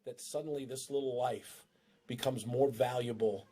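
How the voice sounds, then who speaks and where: A man's voice: steady tone, moderate pace, mellow. A middle-aged man, a dog trainer hosting his show, giving casual, joking advice on dogs and a new baby. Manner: joking, breaks into shrill impressions of owners.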